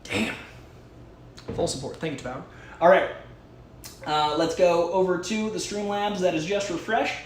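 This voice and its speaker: A man's voice: high voice, unhurried, long pauses, echoey room, a little hiss or hum. A man hosting a casual live stream, chatting with enthusiasm and reading viewer messages aloud. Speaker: host. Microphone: studio mic.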